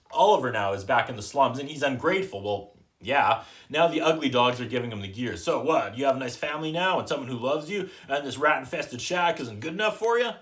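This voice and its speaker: A man hosting a podcast, recapping a movie in a casual, sarcastic way, often trailing off softly at the end of a thought. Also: medium pitch. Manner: dry, joking, quotes characters in quick put-on voices. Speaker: podcast host reviewing a movie.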